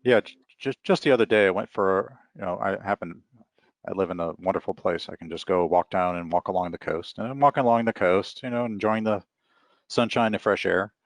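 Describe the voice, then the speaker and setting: A middle-aged man with a very low voice and a gravelly rasp, talking easily as an interview guest. He tells his stories in a relaxed, rambling way. The sound is dry and close. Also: a little fast, no room sound. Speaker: author guest. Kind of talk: casual interview talk.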